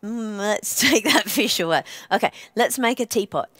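A woman presenting to young children, speaking in a gentle, encouraging way and asking playful questions between songs. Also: mid-range voice, lively intonation, moderate pace, dry recording.

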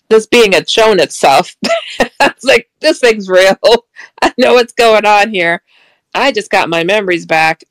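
A woman's voice: lowish voice, gravelly, no echo, rough recording. A middle-aged woman telling a personal story in a casual, chatty way, laughing often and acting out what people said. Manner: chatty, laughs often, acts out quoted dialogue. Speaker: author and paranormal speaker.

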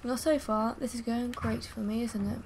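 A woman's voice: on the high side, fairly even intonation, moderate pace, noisy background. A young woman giving gameplay commentary as she plays, swearing and bursting out in frustration. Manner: swearing, frustrated outbursts and screams. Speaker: gaming video creator.

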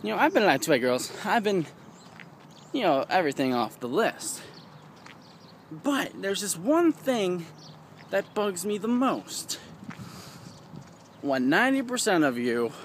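A young man vlogging outdoors in a casual, rambling rant, animated and prone to high mocking squeals. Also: measured pace, long pauses. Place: outdoors, walking in town. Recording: outdoor street noise behind.

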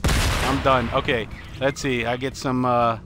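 A man giving excited live commentary on his own video game session, often laughing and repeating exclamations. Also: medium pitch, a little slow, very noisy. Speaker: game streamer.

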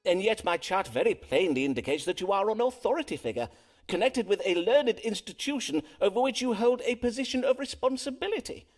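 A pompous Elizabethan physician who reads the stars for his game's patients. He talks in a stately, measured old English cadence, his pitch sitting high for a man and swooping widely from word to word. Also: expressive, faint music behind. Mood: grave. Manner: archaic stately speech, measured. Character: pompous Elizabethan male doctor-astrologer. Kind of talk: game voice acting.

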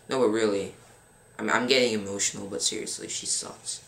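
A young man in his teens giving casual gameplay commentary as a gaming channel host, rambling, filling pauses with um and grumbling at his game. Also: mid-range voice, vocal fry, a bit bright. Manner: frustrated, rambling, fills pauses with um. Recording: roomy with faint background noise.

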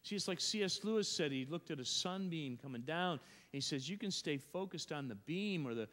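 A man's voice: a little high, animated, a little fast, a bit bright. Man preaching in a reverberant church. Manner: emphatic, repeats phrases, frequent restarts. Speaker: pastor. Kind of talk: sermon. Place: church sanctuary.

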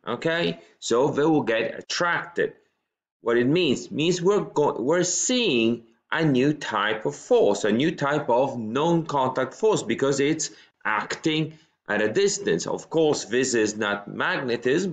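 A male teacher with a medium-pitched voice records a science lesson from a room in his home. He explains things patiently, step by step, and frequently checks in by asking "okay?"

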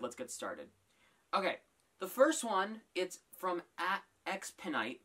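A bright-voiced YouTube host running a casual reaction vlog and reading tweets out loud. The delivery is animated, full of quick exclaimed reactions between readings. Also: mid-range voice.

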